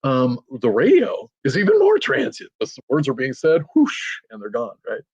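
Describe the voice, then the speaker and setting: Husky man giving a rambling writing lesson. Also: mid-range voice, moderate pace, dry recording, lo-fi sound. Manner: animated, chuckling, many fillers and restarts. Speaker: writing teacher at an online summit. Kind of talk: casual spoken lesson.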